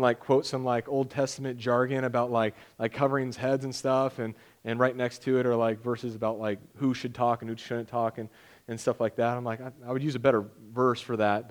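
A young man preaching a sermon as pastor, conversational and joking, often acting out imagined voices. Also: medium pitch.

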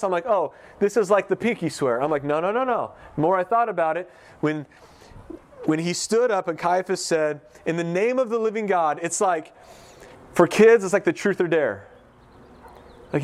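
A man preaching a casual, conversational sermon, talking through a text and acting out the voices he quotes. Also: a little high. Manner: conversational, acts out quoted voices, many restarts.

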